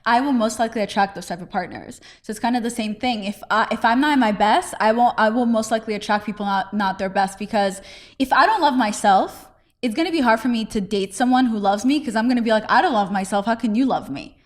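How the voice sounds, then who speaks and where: A woman's voice: on the high side, quick pace. A woman co-hosting a podcast in a reflective way, explaining ideas and asking questions. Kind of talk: casual podcast chat.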